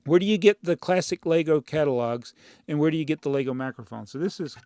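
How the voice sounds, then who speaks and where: Talking quickly in a slightly high, dark voice with no room sound, a channel host rambles through viewer comments in casual chat, exasperated and frequently breaking into laughter. His home-studio setup uses a clip-on mic inside a brick-built housing.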